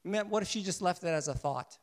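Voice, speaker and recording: A man preaching a sermon who keeps asking his listeners questions and answering them, drawing out his key points slowly and softly. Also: sits high, expressive. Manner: asks the congregation rhetorical questions and answers them; shifts between soft, slow emphasis and louder bursts.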